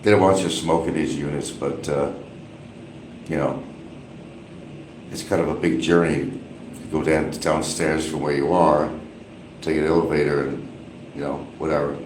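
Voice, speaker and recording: A man's voice: very deep voice, steady tone, normal speed, pauses often. A man live-streaming casual, rambling, gossipy commentary from a small bathroom with an exhaust fan running. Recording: echoey bathroom, faint fan hum.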